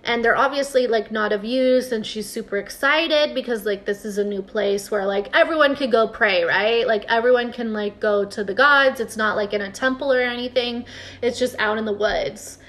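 A young woman with a slightly high voice, chatting casually as she recaps a TV episode. She talks in a loose, filler-heavy way and drops into quick impressions of the characters. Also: fairly bright tone. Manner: chatty, lots of "like", acts out characters' lines. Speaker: podcast co-host recapping a TV episode. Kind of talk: casual chat.

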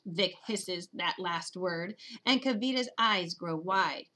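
A woman giving expressive, steady first-person narration of a children's storybook. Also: on the low side, slow. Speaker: audiobook narrator.

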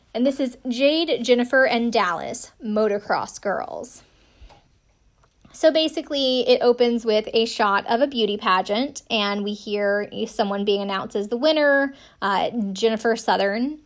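A woman in her thirties from South Carolina, chatting casually as a podcast host recapping a TV episode, wry and self-deprecating with many "um"s and "like"s. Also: on the high side. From South Carolina, USA. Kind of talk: casual chat.

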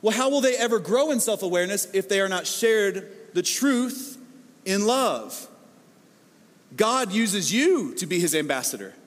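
A middle-aged man preaches with a fairly high, animated voice, jumping between quoted voices and stumbling over repeated words. His sermon rings through a church hall with a long reverb tail. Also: a little slow. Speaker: pastor.

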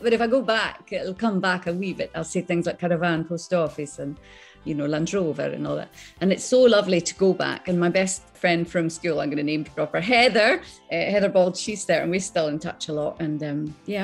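A middle-aged woman with a Scottish accent, an actress chatting as an interview guest, animated and quick to laugh. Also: on the low side, husky. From born in England, raised on Islay, Scotland. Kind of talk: casual chat.

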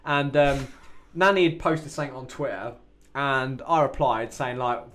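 A man bantering crudely and quickly on a casual podcast. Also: medium pitch, lively intonation, fairly bright tone. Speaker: podcast co-host.

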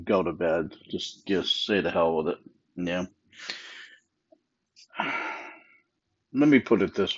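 A man's voice: on the low side, breathy edge, muffled recording. A sleepy man talking on a casual solo podcast, yawning and rambling with many fillers. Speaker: podcast host.

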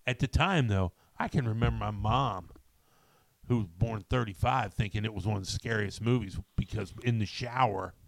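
A man's voice: fairly low pitch, normal speed, creaky, no echo. A middle-aged man hosting a casual movie chat, rambling with many ums and restarts. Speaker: podcast host.

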